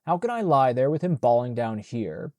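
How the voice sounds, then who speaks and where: A man's voice: medium pitch, big pitch swings, normal speed, a little mellow, no room sound, clean studio sound, natural voice. A man voicing a sickly, self-pitying mother who complains plaintively. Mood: complaining.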